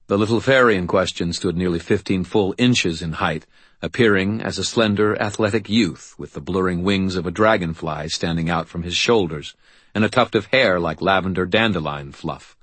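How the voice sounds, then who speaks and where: A man reads a first-person novel aloud in a low, husky voice with an even, steady delivery. The sound is dry and close, with no room around it. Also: normal speed, no echo. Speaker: audiobook narrator. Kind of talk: first-person audiobook narration.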